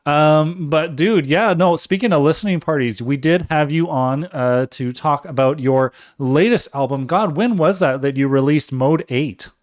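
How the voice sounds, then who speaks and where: A man's voice: on the high side, normal speed, few pauses. A man hosting a live music stream, upbeat and jokey, laughing often as he chats with a guest. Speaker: livestream host. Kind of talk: casual live show hosting.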